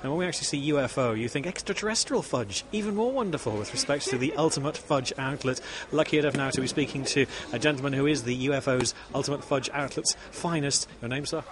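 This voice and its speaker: A man's voice: mid-range voice, fast, few pauses. A man hosting a roving show interview, chatty and rambling with jokes. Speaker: show host.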